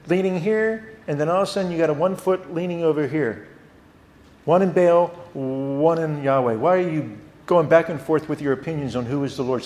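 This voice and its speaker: A man teaching a theology class at a church. He talks in an animated way and often repeats words. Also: fairly high pitch, reverberant. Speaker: Bible teacher.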